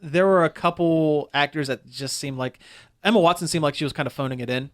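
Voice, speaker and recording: A man's voice: fairly high pitch, a little fast. A man on a casual podcast, rambling through a critical movie review with lots of restarts. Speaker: podcast co-host. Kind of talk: casual chat.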